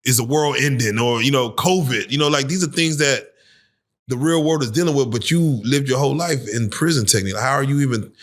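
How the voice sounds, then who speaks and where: A man's voice: medium pitch, a little fast, a bit bright. A man hosting a casual interview, asking curious and reflective questions. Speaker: podcast host.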